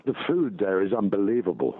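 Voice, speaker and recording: An older man talks as a phone-in guest, his voice sitting on the low side. He pauses often and restarts his sentences. The line is tinny, narrow and completely dry. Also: sing-song, dry recording. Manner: halting, with many ums and restarts. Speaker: actor and guest. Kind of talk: interview over the phone.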